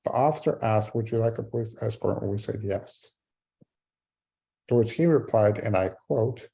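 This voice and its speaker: A man's voice: fairly low pitch, moderate pace, gravelly, mellow, husky. A middle-aged man giving a keynote speech on a video call, telling a personal story with wry, self-mocking humor. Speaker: keynote speaker.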